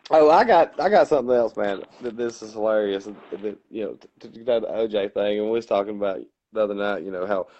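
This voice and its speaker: A man's voice: lowish voice, fast, hardly any pauses, a little mellow. Man with a Birmingham Alabama accent, casual podcast co-host, rambling, laughing, dull lo-fi sound. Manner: rambling, laughing, retelling comedy bits. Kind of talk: casual chat.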